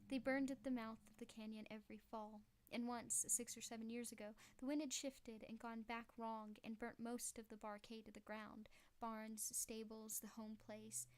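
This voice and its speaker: A woman reading a novel aloud at home, her voice sitting a little high. She narrates steadily and breaks off now and then to chat and apologize to her listeners. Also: little pitch movement, moderate pace, hardly any pauses. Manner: apologetic, chatty asides. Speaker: audiobook reader.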